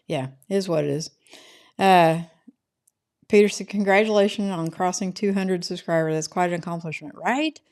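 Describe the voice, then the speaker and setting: A middle-aged woman hosting a casual livestream from her home, chatting loosely and answering viewers' comments. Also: lowish voice. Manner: rambling and chatty, often adds "right?". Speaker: livestream host reading chat.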